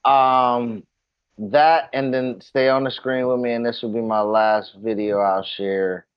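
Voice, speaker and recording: A man co-hosting a podcast in casual chat, animated and profane, often repeating himself. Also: medium pitch, a little slow, clean tone, no echo, lo-fi sound. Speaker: podcast co-host.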